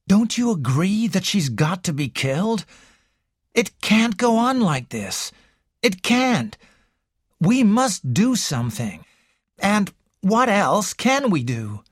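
An audiobook reader voicing a tense young man who speaks with urgent, bitter insistence, pitched higher than the reader's own voice and very lively. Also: slow pace, slightly rough, no room sound, studio quality, exaggerated voice.

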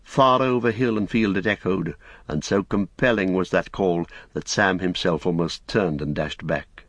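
A man narrating an audiobook in a measured storytelling manner. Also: sits low, dry recording.

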